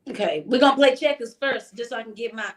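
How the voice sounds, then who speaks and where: A woman, co-hosting a podcast and telling stories in an animated, chatty way with frequent laughs. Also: on the high side, fast talker. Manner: animated, chatty storyteller who laughs often. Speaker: podcast co-host. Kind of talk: casual chat, storytelling.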